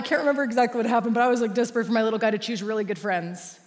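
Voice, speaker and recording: A woman's voice: on the high side, fairly even intonation, racing. A woman giving a sermon in a church, telling a personal story and laughing often. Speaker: church speaker. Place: church auditorium. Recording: long reverb of a large hall.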